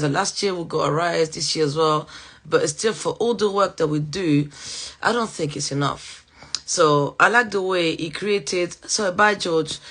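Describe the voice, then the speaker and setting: French-accented woman hosting a chat. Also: low-pitched. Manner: chatty, warm-hearted, apologetic, with many fillers. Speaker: podcast host and teacher. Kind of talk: live-streamed conversational interview.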